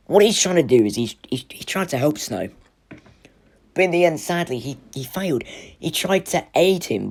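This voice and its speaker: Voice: medium pitch, darkish tone. A film reviewer giving a casual spoiler review, chatty and full of "like" and "you know.".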